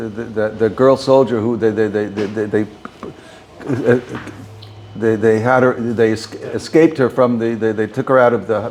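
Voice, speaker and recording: A man's voice: mid-range voice, darkish tone, a little hiss or hum. A man, a rabbi, giving an informal talk to a small group, often repeating and restarting words.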